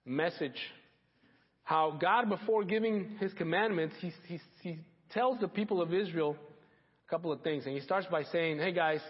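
A man's voice: high-pitched, expressive, moderate pace, big-room sound, lo-fi sound. A man preaching a sermon, emphatic, repeating key phrases for weight. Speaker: pastor.

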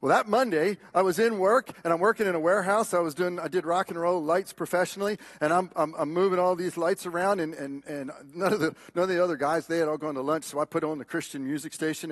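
Pastor, male, high voice, dry close sound; emphatic sermon delivery that drops to near-whispers. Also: fairly even intonation, quick pace, hardly any pauses, dry recording. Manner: swings from loud emphatic peaks to hushed quiet tones.

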